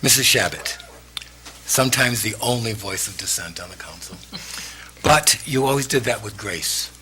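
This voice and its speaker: Male council president, very deep, emotional halting delivery, noisy room. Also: pushed and bright. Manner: emotional, halting speech with many fillers. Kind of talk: council meeting farewell remarks. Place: town hall council chamber. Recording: noisy meeting room recording.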